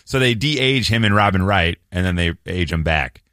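A man's voice: deep voice, expressive, fairly bright tone, dry recording, studio quality. A man hosting a casual radio chat, bantering playfully and explaining things loosely. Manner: quick banter, playful asides.

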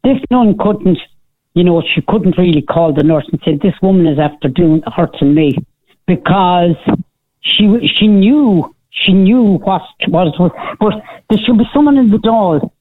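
A woman's voice: fairly low pitch, normal speed. An older Irish woman calling in to a radio show, telling a story with sarcasm and acting out what people said. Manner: animated storyteller, sarcastic, acts out quoted speech. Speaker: caller. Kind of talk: radio phone-in chat. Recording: tinny phone line.

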